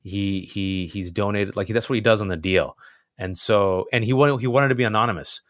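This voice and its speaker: A man guest telling stories in an animated, joking way, talking in quick bursts with restarts. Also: fairly low pitch, no echo, clean studio sound. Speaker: writer and guest. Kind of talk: casual storytelling interview.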